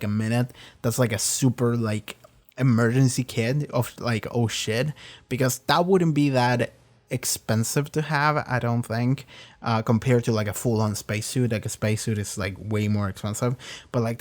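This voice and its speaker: A man talks through his thoughts on an episode in a loose, off-the-cuff review. He rambles, piles on fillers and restarts, and swears freely. His voice sits at an ordinary middle pitch. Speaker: reaction video host. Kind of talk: casual spoken review.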